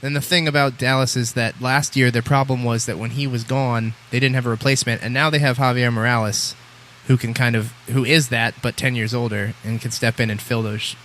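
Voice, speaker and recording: Bright-voiced man arguing his picks. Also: mid-range voice, flat delivery, fairly quick, few pauses, a little hiss or hum. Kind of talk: casual sports chat.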